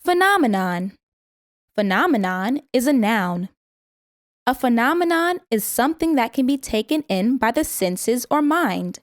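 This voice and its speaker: Woman reading vocabulary words slowly. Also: a little high, big pitch swings, no echo, studio quality. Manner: slow, careful word-by-word pronunciation. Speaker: vocabulary teacher. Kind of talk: scripted vocabulary lesson reading.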